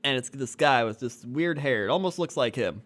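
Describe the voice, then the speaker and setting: A man's voice: mid-range voice, lively intonation, normal speed, fairly bright tone. A man co-hosting a casual comedy podcast, rambling through a story with lots of fillers and easy laughs. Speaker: podcast co-host.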